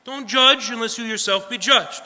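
A man's voice: extremely high pitch, normal speed, bright, forceful tone. A man preaching a sermon in an earnest way, repeating his points and checking in with his listeners. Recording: long hall reverb.

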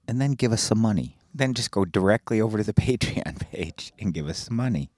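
A man's voice: fairly low pitch, animated, brisk, darkish tone, no echo, clean studio sound. A man co-hosting a podcast in casual chat, tossing in teasing jokes. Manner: joking, teasing banter. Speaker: podcast co-host.

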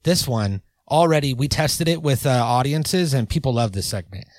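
A man's voice: medium pitch, expressive, normal speed, a little mellow, dry recording. A man in his thirties co-hosting a casual comedic podcast, playful and hesitant with lots of fillers. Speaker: podcast co-host.

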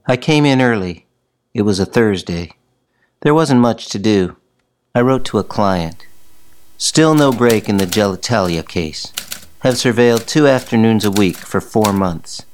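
A man reading a first-person detective story in a dry, deadpan manner. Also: on the low side, unhurried. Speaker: narrator.

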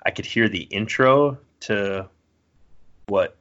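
Co-host, man, low-ish voice, dry wit, lo-fi audio. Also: slow, a bit bright. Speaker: podcast co-host. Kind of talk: casual comedic chat.

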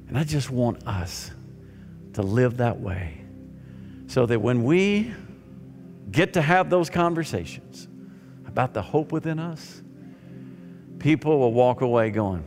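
A male pastor preaching a sermon, swinging from loud emphatic lines to soft, near-whispered ones. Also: medium pitch, animated, unhurried, long pauses. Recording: long hall reverb with faint music.

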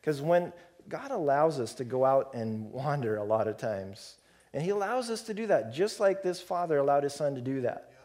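A man preaching a sermon in a relaxed, storytelling way, acting out the characters. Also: mid-range voice, normal speed.

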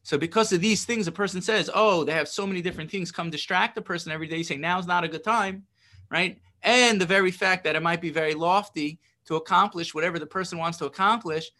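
Bright-voiced man teaching a text lesson. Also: sits high, fast. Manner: explanatory, asks rhetorical questions, often adds "right?". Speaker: religious teacher. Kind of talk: text study lesson, reading and translating.

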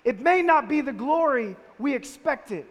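A man's voice: very high voice, lively intonation, a little slow, fairly bright tone. A man preaching a sermon in a conversational style, firing off rhetorical questions at his listeners. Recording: long reverb of a large hall.

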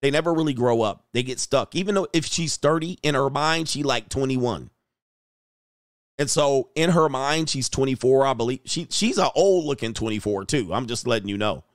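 A young man giving casual, crude reaction commentary, loud and animated, laughing often. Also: mid-range voice, normal speed, dry recording, studio quality.

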